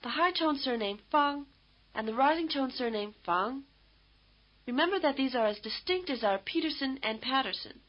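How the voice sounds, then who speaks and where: Higher woman narrating old course audio. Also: lively intonation, highs cut off. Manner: measured, explanatory. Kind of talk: scripted instructional narration.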